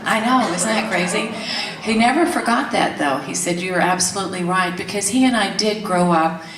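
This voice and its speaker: A woman's voice: mid-range voice, moderate pace, recorded from a distance, a crowd in the background. An older woman, telling stories candidly in an interview and acting out the voices she quotes. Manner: animated storytelling, acts out quoted voices, laughs often. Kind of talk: candid storytelling. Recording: roomy echo from off mic, faint ambience.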